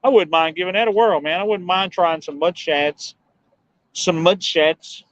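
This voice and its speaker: A man hosting a night fishing livestream, chatting in a relaxed, rambling way, musing aloud and answering viewers. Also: high-pitched, brisk, no room sound. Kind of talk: casual live-stream chat. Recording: dull, dry lo-fi sound.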